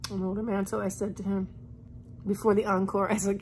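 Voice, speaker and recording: Singer lady rambling casually to her camera, mid-pitched voice, laughs at herself a lot. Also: level tone, fairly quick, a little mellow, slight background noise. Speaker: touring singer vlogging. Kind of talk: casual vlog chat.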